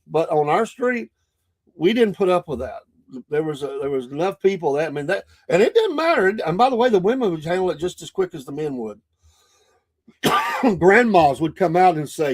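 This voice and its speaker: A man's voice: sits high, very animated, normal speed. A middle-aged man with a Southern US accent, hosting a podcast as a casual, rambling monologue full of restarts and fillers. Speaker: podcast host.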